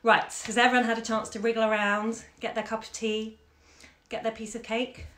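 A woman hosting a live-streamed story reading from home, chatty and expressive with fillers. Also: fairly high pitch, normal speed. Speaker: bookshop owner and host. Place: home during lockdown. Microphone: phone camera. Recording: echoey room.

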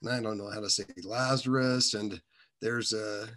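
A man sharing his personal faith testimony in a casual, halting way, with many restarts and side turns. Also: on the low side, steady tone, fairly bright tone.

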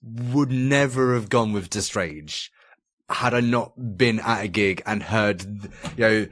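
A man's voice: lowish voice, a little slow, fairly bright tone. A man co-hosting a casual podcast chat, rambling with lots of restarts and casual swearing. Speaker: podcast co-host.

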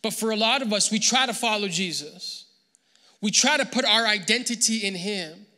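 A man preaching a sermon as pastor, animated and acting out the people he quotes. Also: sits high, moderate pace, big-room sound. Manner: animated, acts out quoted voices. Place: church hall.

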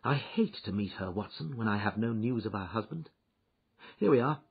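A man reading an audiobook, voicing a confident Victorian male detective with a crisp, assured delivery, pitched a little higher than his narration. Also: animated, normal speed, heavily acted. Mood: explaining. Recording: dull lo-fi recording.

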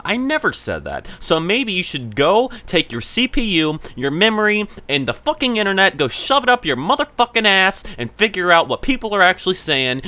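A man's voice: a little high, pushed and bright. A man doing gameplay commentary, ranting at a chatbot in profane exasperation.

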